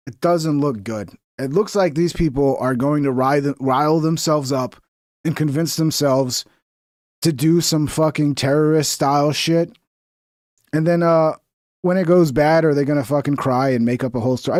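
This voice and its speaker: A man's voice: fairly high pitch, normal speed, darkish tone, no echo, studio quality. A man streaming casual commentary on clips, blunt, profane and mocking as he rants.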